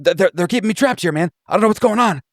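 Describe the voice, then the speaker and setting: A man's voice: sits high, expressive, rapid-fire, a bit bright, dry recording, clean studio sound, voice pushed up. A man voicing a frantic trapped prisoner who repeats himself in a panic.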